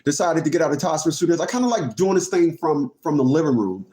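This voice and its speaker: A man's voice: a little high, animated, fast talker, warm tone, echoey room. A man hosting a casual livestream from his living room, jokey and rambling, putting on a fake British accent as a gag. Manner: jokey, rambling, repeats himself. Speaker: livestream host.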